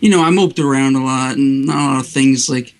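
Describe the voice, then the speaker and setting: A young man chatting casually as an interview guest, halting with many restarts and laughing often. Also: mid-range voice. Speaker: interview guest, video maker. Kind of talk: casual chat.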